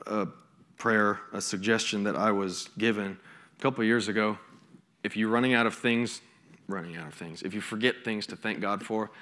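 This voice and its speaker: A man's voice: lowish voice, fairly bright tone. Young man preaching casually. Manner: conversational preaching with storytelling and asides. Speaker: associate college pastor. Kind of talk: sermon.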